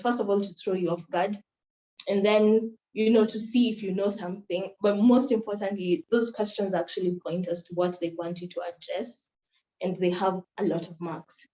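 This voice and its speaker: A young woman from Kenya teaches a workshop on moot court in an earnest, instructive way, circling back to repeat her main points. Her voice is mellow. The recording sounds roomy and a little muffled. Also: mid-range voice, fairly even intonation, moderate pace. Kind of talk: workshop talk.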